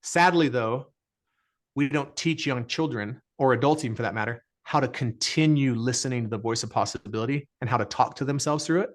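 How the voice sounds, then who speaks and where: A middle-aged man appears as a guest on a podcast, giving motivational interview talk in an earnest, emphatic manner and repeating phrases for effect. His voice is mid-range and he speaks fairly quickly.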